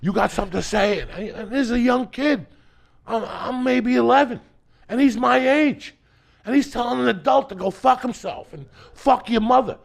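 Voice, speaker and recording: A middle-aged man from New Jersey with a gravelly voice, telling a profane, animated story in casual chat and acting out the voices. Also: very high voice, moderate pace. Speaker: podcast host.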